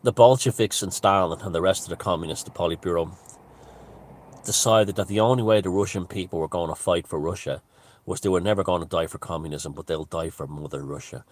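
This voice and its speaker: A man's voice: low voice, a little fast. A man giving a casual, rambling monologue, emphatic and full of restarts and asides. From Ireland. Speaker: author and commentator.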